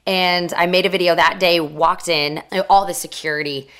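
A young woman guest in an interview, telling stories in a casual, animated way and acting out the voices she quotes. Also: on the low side, normal speed. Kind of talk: casual storytelling.

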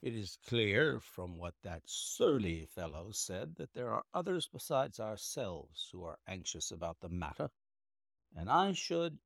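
A man voicing a shrewd Victorian detective, speaking in a bland, measured, quietly confident way. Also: lowish voice, big pitch swings, creaky, dry recording, studio quality, heavily acted. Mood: musing.

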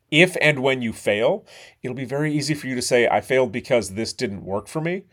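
A middle-aged man, hosting a podcast and talking bluntly and candidly, with frequent swearing. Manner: blunt and profane, animated swings in pitch and volume. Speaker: podcast host. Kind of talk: candid monologue.

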